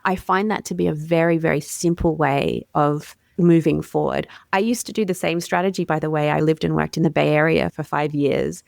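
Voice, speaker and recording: A woman's voice: sits low, gravelly, dry recording, studio quality. A woman with an Australian accent, a communications coach speaking as a guest in a conversational podcast interview, articulate and explanatory. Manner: articulate, warm, explanatory with everyday fillers.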